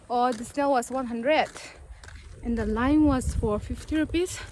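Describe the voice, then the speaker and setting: A woman's voice: high-pitched, slow pace, a little mellow, a little hiss or hum. A young woman, chatting in a casual vlog as she walks around a farm outdoors, exclamatory and thinking aloud. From Nagaland, northeast India. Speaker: vlogger.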